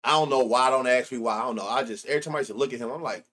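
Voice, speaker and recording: A rapid-fire, fairly bright medium-pitched voice comes from a middle-aged man hosting a sports betting live stream. He chats casually and profanely, reminiscing and reacting to his chat.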